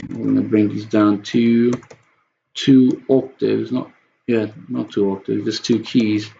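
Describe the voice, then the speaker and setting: A man's voice: fairly low pitch, flat delivery, takes it slowly, creaky, mellow, highs cut off, a little hiss or hum. A man who produces music, talking casually and rambling as he builds a beat, swearing now and then and humming the rhythm. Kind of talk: casual talk while making a beat.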